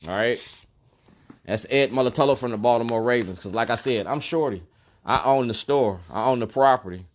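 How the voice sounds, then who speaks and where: A middle-aged man who owns a store and vlogs as an activist speaks directly into the camera in a brisk, mid-range voice. His protest monologue is colloquial and emphatic, and he keeps repeating his main lines.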